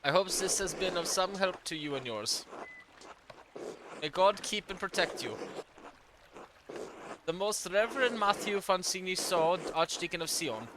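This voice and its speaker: Gamer doing a pious German-accented cleric, higher-pitched voice, noisy home recording. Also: male voice, expressive, measured pace, pauses often. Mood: solemn. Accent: German, put on. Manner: solemn, formal reading. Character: stern devout male churchman writing a letter.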